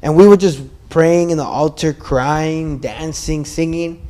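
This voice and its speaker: A man's voice: on the high side, steady tone, a little slow, mellow. A young man casually sharing his church testimony in an earnest, rambling way, full of "like" and "bro".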